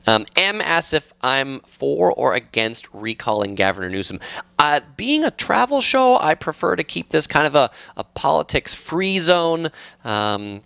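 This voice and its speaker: A man from Southern California hosting a travel channel's live stream, reading chat questions and answering in a relaxed, chatty way with many ums and uhs. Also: on the high side, a little slow, vocal fry, clean tone, no echo.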